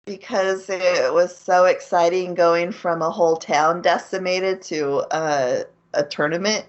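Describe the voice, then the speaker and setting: A woman's voice: on the low side, steady tone, unhurried, lo-fi sound. A woman co-hosting a casual podcast, retelling an anime plot and laughing often as she goes. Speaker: podcast co-host. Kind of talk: casual anime recap chat.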